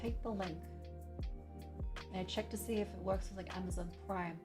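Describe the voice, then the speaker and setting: A woman's voice: mid-range voice, steady tone, over music. Chatty Australian woman streamer. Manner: chatty, quick restarts, reading chat aloud. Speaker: vtuber streamer. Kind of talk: casual stream chat reading comments.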